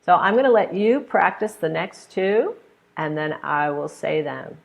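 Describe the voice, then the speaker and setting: A woman's voice: lowish voice, expressive, unhurried, vocal fry, slight background noise. An American woman teaching pronunciation in a live online lesson, patiently demonstrating intonation with examples. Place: hot room.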